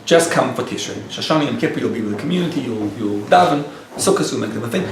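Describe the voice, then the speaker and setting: A man who is a rabbi tells a story to a live audience in a lively way and acts out the dialogue. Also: medium pitch, quick pace, slight background noise. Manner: animated storyteller acting out quoted dialogue. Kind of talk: storytelling lecture. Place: lecture room with a live audience. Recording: echoey room, picked up from a distance.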